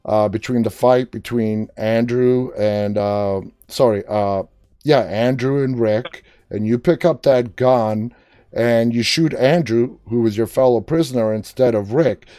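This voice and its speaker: A man's voice: mid-range voice, unhurried, mellow, dry recording, clean studio sound. A man hosting an interview, asking long, winding questions in a casual way. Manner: conversational, long winding questions, short reactions. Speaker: interviewer, host.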